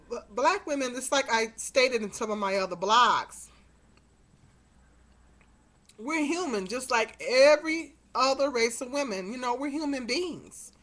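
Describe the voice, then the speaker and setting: A woman's voice: on the high side, fairly bright tone. A middle-aged woman telling a story to her webcam in a rambling, exasperated way, with many fillers. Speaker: vlogger. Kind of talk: casual webcam monologue. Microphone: webcam mic.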